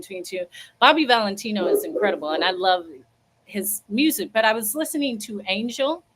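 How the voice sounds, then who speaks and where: A woman hosting a casual livestream, telling a story in an animated, emphatic, sassy way and laughing as she goes. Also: fairly high pitch, a little hiss or hum. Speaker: livestream host.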